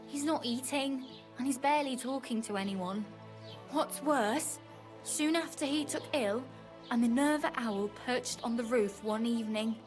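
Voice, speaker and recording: Woman voicing fretful peasant wife, high voice, earnest, guarded, game dialogue. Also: measured pace, soft background music, close to an everyday voice. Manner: earnest, guarded, then desperate pleading. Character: anxious peasant wife pleading for her sick husband.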